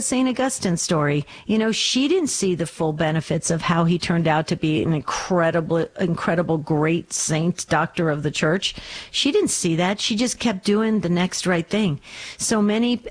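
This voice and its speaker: A woman's voice: on the low side, moderate pace. A woman hosting a call-in radio show, encouraging and comforting callers and addressing them by name. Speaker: radio host.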